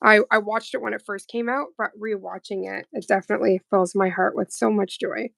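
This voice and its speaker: A woman's voice: medium pitch, fairly even intonation, fairly quick, gravelly, fairly bright tone, no room sound, rough recording. A woman hosting a casual livestream, chatting playfully and laughing often while doing nail art. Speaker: livestream host.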